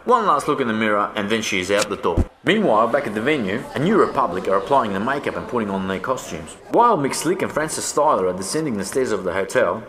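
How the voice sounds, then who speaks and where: A man narrating a scripted story in a steady storytelling manner. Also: medium pitch. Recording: roomy echo, faint noise.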